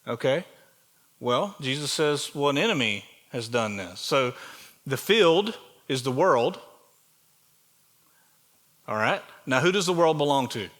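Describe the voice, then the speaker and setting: Bright-voiced Southern pastor preaching conversationally. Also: male voice, mid-range voice, animated, measured pace, long pauses. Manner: conversational preaching, asks the congregation questions. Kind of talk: sermon. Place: church sanctuary.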